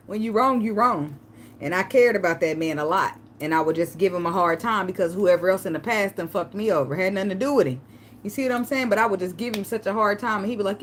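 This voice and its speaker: A woman tarot reader giving casual spiritual advice, telling a personal story and breaking into a high pleading voice to act out begging. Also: fast talker, slight background noise. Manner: animated storytelling, acts out begging in a high pleading voice, laughs often.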